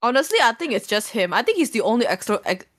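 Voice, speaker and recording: Laughing woman in casual esports chat. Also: fast. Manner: laughs often, animated retelling with high-pitched quotes. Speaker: co-host.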